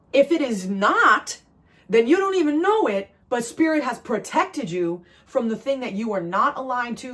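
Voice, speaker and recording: A woman delivers a channeled tarot reading to her viewers. She is emphatic and repetitive, and her pitch leaps upward in excited bursts before it settles back into earnest reassurance. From New Jersey. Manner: emphatic, repeats phrases, swings high with excitement. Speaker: tarot reader.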